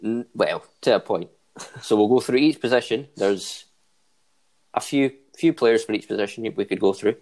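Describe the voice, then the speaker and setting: A man's voice: fairly low pitch, normal speed, a little mellow. A man hosting a casual football chat, cracking pun-filled jokes and laughing at them. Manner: jokey, laughs at his own puns. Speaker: podcast host. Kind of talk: casual chat with joke segments.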